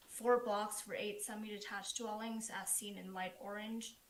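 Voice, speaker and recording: A woman's voice: medium pitch, slight background noise. Woman planner on an echoey remote call. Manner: reads steadily through a prepared report. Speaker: planner presenting a proposal. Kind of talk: formal presentation.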